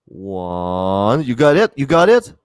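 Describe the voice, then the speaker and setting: A man co-hosting a live comedy show, ranting with heavy swearing and deadpan jabs. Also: on the high side, brisk, no room sound, clean studio sound. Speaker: comedy podcast co-host. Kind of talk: casual banter.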